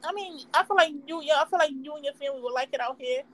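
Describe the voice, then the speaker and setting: Chatty high-voiced young woman. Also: rapid-fire, slight background noise, low-quality recording. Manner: chatty, laughs often, lots of "like". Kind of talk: casual chat.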